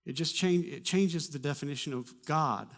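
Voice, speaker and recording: A pastor preaching a sermon, telling a personal story in a conversational way with humor and animated bursts. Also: male voice, fairly high pitch, normal speed. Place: church.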